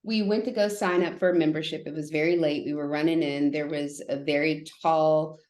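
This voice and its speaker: A woman in her thirties tells a story in a lively way and puts on the voices of the people in it. Her voice sits on the low side. The room adds a clear echo. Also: fairly quick. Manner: animated, acts out quoted voices. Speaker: guest, therapist. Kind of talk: storytelling in a podcast interview. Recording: echoey room.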